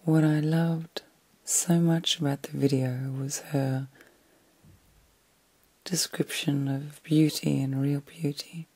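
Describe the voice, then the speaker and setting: A middle-aged woman hosting a whispered ASMR vlog from bed at night, talking in a slow, soothing and reflective way. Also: low voice, steady tone, mellow, breathy edge, dry recording. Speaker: ASMR host.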